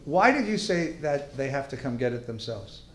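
A man's voice: mid-range voice, sing-song, moderate pace, fairly bright tone, slight background noise. A man giving an interactive class lecture, animatedly quizzing his audience. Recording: roomy lecture hall.

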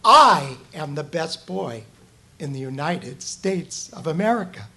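Author reading his own memoir to a live crowd, high animated voice, echoey room. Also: a little slow. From Omaha, Nebraska. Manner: expressive, storytelling delivery. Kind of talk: reading aloud to a live audience. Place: event room with an audience. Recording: roomy, echoey hall.

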